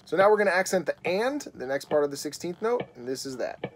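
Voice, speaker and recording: A man teaching a guitar lesson on video, explaining in a relaxed way and often pausing with fillers. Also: a little high.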